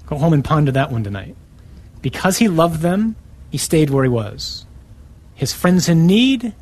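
A man preaching a sermon, emphatic and punching key words with sudden rises in pitch. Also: big pitch swings, a little slow, a little mellow.

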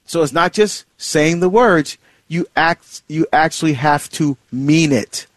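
A man with a slightly higher voice hosts a show and walks through a Bible passage in an easy, chatty way. He restarts sentences and uses plenty of fillers. The recording is dry and close. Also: a little slow, no room sound. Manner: conversational, many fillers and restarts. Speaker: radio show host. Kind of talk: casual Bible teaching talk.

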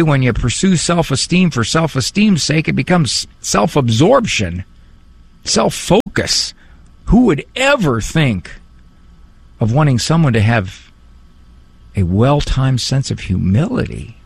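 A man who is a psychologist, giving a casual talk on parenting and faith, animated and fond of mimicking voices for humor. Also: on the high side, measured pace, vocal fry, slightly rough, dry recording. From Italian heritage.

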